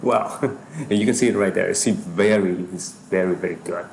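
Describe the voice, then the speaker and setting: A man's voice: sits low, moderate pace, gravelly, darkish tone, a little hiss or hum. A man giving reaction commentary on a comedy clip, hesitant and often repeating himself. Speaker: video reactor.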